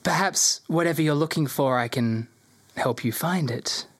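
A woman voicing a sly, seductive female spellcaster in disguise, speaking slowly and softly in a tabletop game. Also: low-pitched. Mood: coy.

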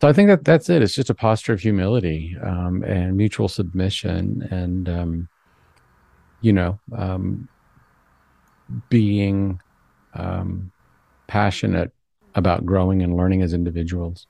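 A man with a very low, gravelly voice, talking as an interview guest. He sounds thoughtful and measured, pausing over his words. The sound is dry and close, with no room in it. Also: mellow, dry recording. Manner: thoughtful, measured, self-deprecating. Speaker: psychologist guest. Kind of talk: conversational interview.

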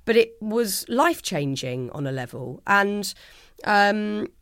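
A woman's voice: medium pitch, very animated, slow, a bit bright, no room sound, studio quality. A middle-aged woman, a guest in an interview, speaking in a heartfelt, earnest way, often restarting her sentences. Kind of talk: reflective interview conversation.

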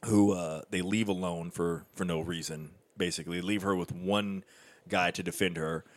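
A man's voice: low-pitched, fairly even intonation, moderate pace. A man casually recapping an action movie, swearing freely and acting out lines from it. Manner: profane, laughing, acts out quotes.

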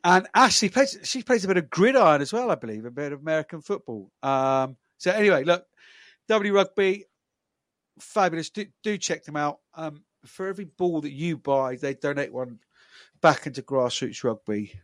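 Rambling podcast host, fairly high voice. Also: male voice, lively intonation, normal speed, a bit bright, no echo. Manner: rambling, many fillers and restarts. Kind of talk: casual podcast chat.

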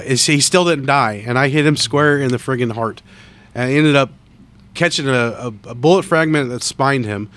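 A man's voice: medium pitch, fairly bright tone. A man in a casual podcast chat, talking bluntly and offhand about hunting. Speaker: podcast guest.

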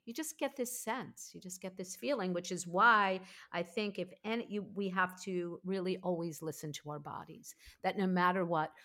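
A woman in her fifties, a podcast host, telling her own story in a candid, emphatic, animated way. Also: lowish voice. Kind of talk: candid conversational interview.

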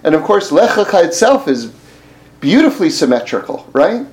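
A man giving an informal Torah class, animated and often laughing, repeating words as he thinks. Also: a little high, moderate pace, poor audio. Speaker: Torah teacher.

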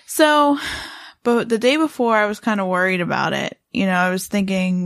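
A woman's voice: lowish voice, brisk, a bit bright, no room sound, clean studio sound. A woman co-hosting a podcast, telling a story in a rambling, casual way with lots of fillers and restarts. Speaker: podcast co-host.

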